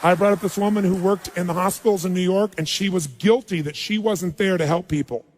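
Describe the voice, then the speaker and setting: A man giving a live motivational seminar speech, telling a story quietly and then urging the crowd on. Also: high-pitched, fairly even intonation, fairly quick, big-room sound. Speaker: motivational speaker. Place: large hall with audience.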